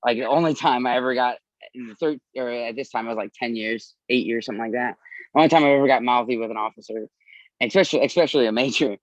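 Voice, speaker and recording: A man's voice: mid-range voice, steady tone, quick pace, no room sound, highs cut off. A man in his thirties, an army veteran, candidly telling his own story in a podcast interview and swearing freely.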